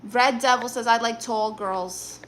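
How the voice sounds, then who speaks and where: A woman's voice: a little high, fairly even intonation, fairly bright tone, slight background noise. A woman with a Brooklyn accent voicing a blunt, sassy aunt who reads viewer comments and gives dating advice on a live stream. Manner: blunt, sassy, quick comebacks.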